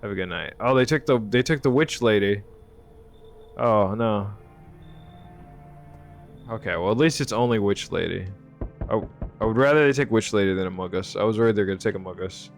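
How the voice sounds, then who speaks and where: Gravelly, low-voiced man streaming a game. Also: normal speed, long pauses, faint music behind. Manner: casual, swearing, joking. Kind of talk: live gameplay commentary.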